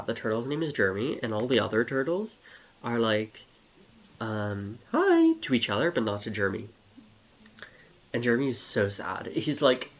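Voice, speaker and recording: Brief: giggly guy spinning a silly story, slow and all over the place, forever restarting his sentences. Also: medium pitch. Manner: scatterbrained, giggly, many restarts. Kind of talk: rambling comedic storytime.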